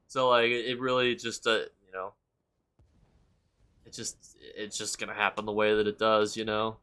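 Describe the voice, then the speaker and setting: A man streaming a game live, chatting with viewers and reacting loudly and with swearing to the action. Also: lowish voice, flat delivery, moderate pace, smooth. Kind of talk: live gameplay commentary.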